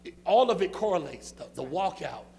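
A man's voice: high voice, sing-song, a little fast, darkish tone. A male pastor, preaching a sermon in a church with rhythmic, repetitive phrasing and call and response.

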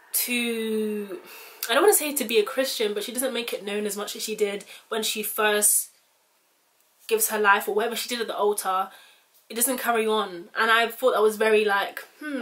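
A woman's voice: mid-range voice, a bit bright. A young woman with a British accent, talking casually to camera in a rambling, chatty way, full of "like". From United Kingdom. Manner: chatty, rambling, heavy use of "like". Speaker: vlogger.

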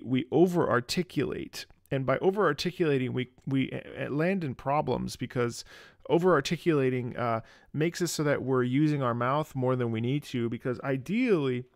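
A man who sings tenor, explaining vocal technique while reacting to a concert and stopping to sing phrases high to show his point. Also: dry recording, studio quality. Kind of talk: vocal breakdown commentary.

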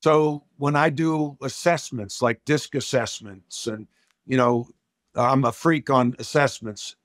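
A man's voice: medium pitch, fairly even intonation, slow pace, dry recording, clean studio sound. A middle-aged man, a coach and speaker, talking emphatically in an interview and repeating words as he starts each thought. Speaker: coach and corporate speaker, podcast guest. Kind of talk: conversational interview storytelling.

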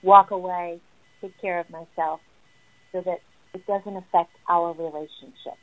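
A woman therapist explaining parenting advice in an animated, emphatic way. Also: on the low side, measured pace. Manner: animated and emphatic, acting out what children say. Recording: tinny phone-like audio.

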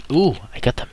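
A young man gives let's play commentary, frustrated and cursing as he yells at the game. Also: mid-range voice. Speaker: gamer. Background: loud game music.

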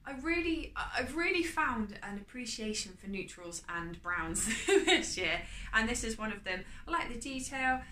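A woman chatting casually as she shows off her charity shop clothes haul, upbeat and often trailing off quietly. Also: fairly high pitch, big pitch swings, moderate pace, few pauses, a little hiss or hum. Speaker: vlogger. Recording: echoey room with faint ambience.

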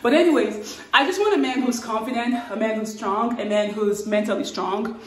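A woman talking casually to camera, playful and animated. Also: normal speed, reverberant, far from the mic. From Africa. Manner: playful and animated, with laughs and sudden high exclamations. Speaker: vlogger.

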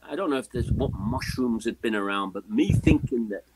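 A man in his seventies with an English accent, a guest musician telling animated stories and mimicking the sounds and voices of the people in them. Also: mid-range voice, moderate pace, noisy background. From England. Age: 70s. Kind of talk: anecdotal storytelling in an interview.

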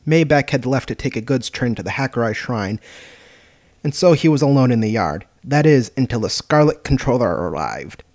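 A man reads a homemade children's-style railway story aloud in a mid-pitched, everyday voice. His delivery is plain, and he trips over a word now and then. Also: animated, moderate pace, a little mellow, no room sound. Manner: plain reading with occasional stumbles. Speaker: narrator. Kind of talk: hobby storybook narration.

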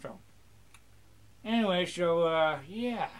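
A man's voice: high voice, takes it slowly. A young man rambling crudely through casual gameplay commentary, joking in a mock pirate voice. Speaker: gamer.

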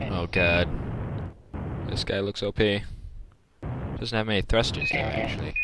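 Slow, low-voiced young man gaming. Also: heavy background noise. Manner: frustrated pleading at enemies, yelps and jokes. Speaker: let's play gamer. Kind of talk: casual gameplay commentary. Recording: loud game music behind.

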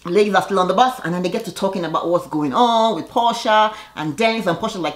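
A woman's voice: medium pitch, fast, few pauses. Chatty woman recapping gossip. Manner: chatty, laughs often, sassy asides. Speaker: reality TV recap vlogger. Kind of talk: casual gossipy episode recap.

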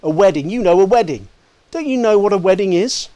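A spiteful, sneering toy maker mutters his scorn, as a man reads him aloud. The voice sits a little high for a man, and the lines come out grumbling and dismissive, as in a storybook reading. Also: expressive, fairly quick, mellow. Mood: scornful.

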